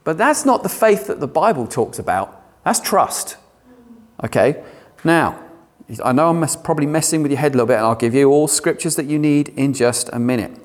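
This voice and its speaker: A man preaching a sermon, animated and given to sarcastic asides. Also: a little high, fairly quick.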